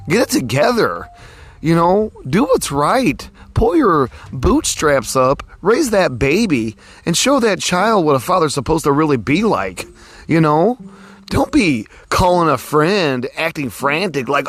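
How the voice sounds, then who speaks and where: A man's voice: on the high side, slightly rough. A man hosting a podcast, musing in a casual, rambling way with lots of fillers, recorded outdoors. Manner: rambling, folksy, many fillers like "you know". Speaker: podcast host. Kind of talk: casual philosophical monologue. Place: outdoors with cars passing.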